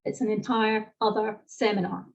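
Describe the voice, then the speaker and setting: A middle-aged woman teaching an online classics seminar, explaining pronunciation in a lively way and speaking directly to her participants. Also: mid-range voice, moderate pace, creaky. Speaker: classics lecturer. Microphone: video call. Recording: distant, dull lo-fi video call audio.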